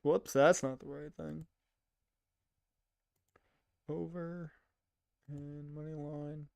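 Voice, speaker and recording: Man, rambling streamer chat, slightly high voice, smooth, dry close sound. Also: level tone, very slow, a little mellow, no echo. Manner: rambling, chatty, talks to chat. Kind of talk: casual gameplay chat.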